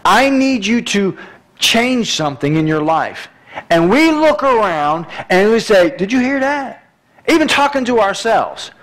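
A man's voice: sits high, sing-song, a little slow, a bit bright, rough recording. A middle-aged man, preaching a conversational sermon with many restarts and asides.

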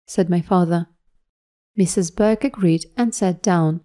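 A woman narrating a short story with clear, measured reading for English learners. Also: on the low side, steady tone, mellow.

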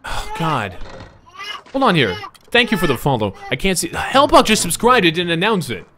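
A man's voice: fairly high pitch, wildly swooping pitch, moderate pace, background noise. Exasperated man ranting over a game stream. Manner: exasperated, swearing, ranting at a crying baby. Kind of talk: live gameplay streaming, frustrated commentary. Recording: music playing behind. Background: game music and a baby crying.

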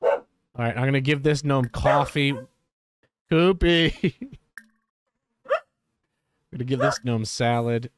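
A man giving casual gameplay commentary as a streamer, chatty and quick to exclaim, breaking off to talk to his dogs. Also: mid-range voice, a little hiss or hum. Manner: chatty, exclaims often, talks to his dogs between game remarks. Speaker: gaming streamer.

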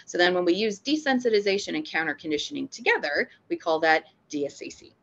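A woman who is a dog trainer and veterinary behavior technician, giving a lively, playful training lecture. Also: fairly low pitch, quick pace, dull audio. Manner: upbeat and playful, acts out dog reactions.

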